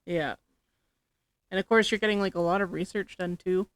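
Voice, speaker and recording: A woman's voice: on the low side, steady tone, moderate pace, no echo. A woman co-playing in a casual let's-play chat, easygoing and agreeing along. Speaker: co-player.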